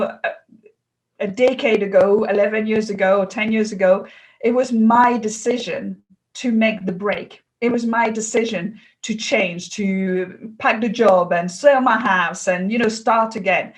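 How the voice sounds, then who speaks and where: A middle-aged woman from France with a French accent, speaking as an interview guest in an earnest, animated way, often laughing between phrases. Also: medium pitch, a little slow, rough recording. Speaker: guest, customer experience consultant. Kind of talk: interview conversation.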